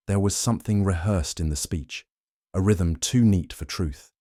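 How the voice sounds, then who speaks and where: Man narrating a story, formal and measured, deep mellow voice, dry close sound. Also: dry recording. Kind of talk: scripted narration.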